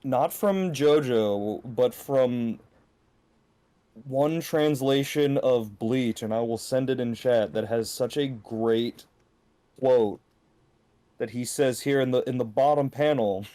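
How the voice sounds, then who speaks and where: A man in casual podcast chat, telling anecdotes in a relaxed, chatty way. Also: medium pitch, slow.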